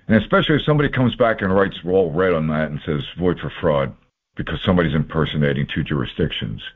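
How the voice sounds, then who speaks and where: A man walking through court documents in a folksy, informal way, marking items off one by one with sarcastic asides. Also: fairly low pitch. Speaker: presenter explaining court papers. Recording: tinny phone-like audio.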